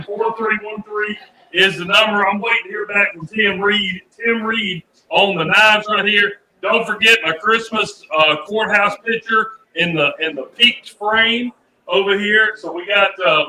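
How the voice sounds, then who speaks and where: A man hosting a live radio auction, calling out bids loudly and joking with callers. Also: high voice, roomy sound, poor audio. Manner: energetic, loud, joking.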